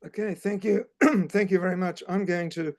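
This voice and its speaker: Older man with a gravelly voice. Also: high-pitched, steady tone. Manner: halting, measured, many fillers. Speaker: author and guest speaker. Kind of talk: academic talk. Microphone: video call.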